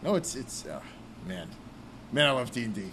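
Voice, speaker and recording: A man's voice: medium pitch, very animated, moderate pace, noisy background. Rambling podcast host man. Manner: rambling, many fillers. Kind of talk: casual chat.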